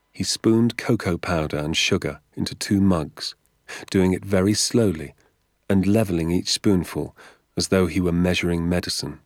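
A man reading a story aloud in a calm, measured narrating voice. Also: low-pitched, no room sound, studio quality. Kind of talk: audiobook narration.

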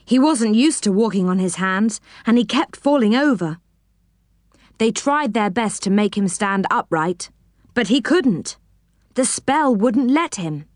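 A woman reading a children's storybook aloud, expressive and dropping her voice for each speech tag. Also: medium pitch, measured pace, dry recording, studio quality.

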